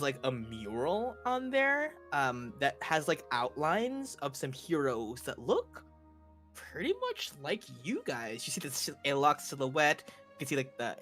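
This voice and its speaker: Lively, bright-voiced male game master. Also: mid-range voice, soft background music. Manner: casual, lively, quick to laugh. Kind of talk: narrating a tabletop game.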